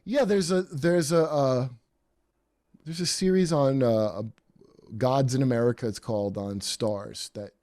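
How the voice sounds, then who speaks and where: A man hosting a podcast in casual chat, rambling and animated with many fillers and restarts. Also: mid-range voice, measured pace, no room sound, clean studio sound. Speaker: podcast host.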